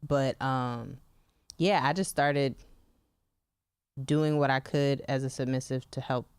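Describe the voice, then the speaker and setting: Chatty woman, smooth dry voice. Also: very deep voice, steady tone, slow pace, darkish tone, dry recording. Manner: chatty, laughing, lots of fillers. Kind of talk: casual chat.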